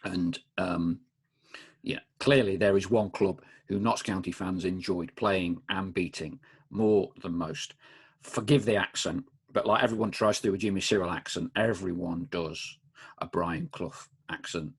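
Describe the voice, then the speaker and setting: A man's voice: low voice, unhurried, gravelly, breathy edge. A man hosting a supporters' podcast, asking questions in an eager, enthusiastic way. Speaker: podcast host, club supporter. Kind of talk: casual interview.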